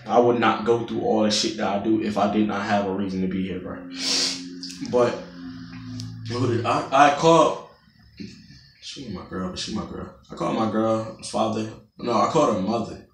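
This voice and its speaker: Gravelly young man telling a profane story. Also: medium pitch. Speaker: vlogger. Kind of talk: storytime vlog. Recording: roomy, distant mic.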